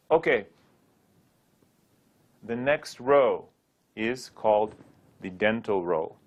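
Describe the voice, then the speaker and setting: A man teaching a Sanskrit pronunciation class, drilling syllables aloud for students to repeat. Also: medium pitch. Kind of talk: classroom lecture.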